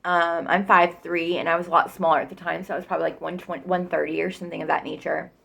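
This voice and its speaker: A woman's voice: fairly low pitch, level tone, quick pace, creaky, a bit bright, breathy edge. A woman telling her own story casually and bluntly, rambling and swearing freely.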